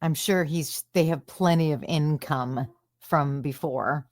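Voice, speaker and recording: A woman's voice: low voice, no echo. A woman guest on a podcast, chatting casually and laughing often. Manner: laughs often, lively and drawn-out remarks. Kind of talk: casual chat.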